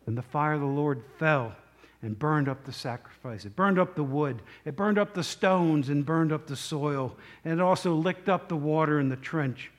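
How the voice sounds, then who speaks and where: High-voiced man preaching casually. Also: moderate pace. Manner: conversational storytelling with rhetorical questions. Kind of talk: sermon.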